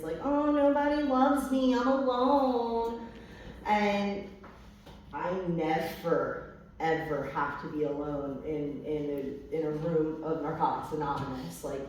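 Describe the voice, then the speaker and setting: Her voice runs on the low side, with a little hiss or hum on the recording, as she candidly recounts her recovery at a meeting. The room echoes and the mic sits far off, while her testimony stays profane and full of fillers.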